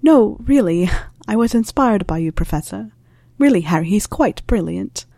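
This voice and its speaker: An earnest, eager young woman student, voiced by a woman narrator in a storybook reading. She speaks higher than the narration, quick and keen. The tone stays mellow and dry. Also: expressive, dry recording.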